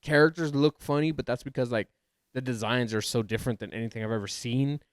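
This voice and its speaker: A man co-hosting a podcast, chatting casually and getting excited in high bursts. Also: quick pace, no echo. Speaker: podcast co-host. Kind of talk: casual chat about anime and manga.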